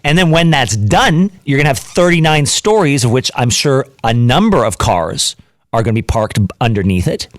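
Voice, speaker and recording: Male radio host, mid-pitched, dry close studio sound, opinionated and rambling. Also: lively intonation, normal speed, no room sound. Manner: chatty, opinionated, rambling with fillers. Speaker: radio talk show host. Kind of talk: casual radio talk.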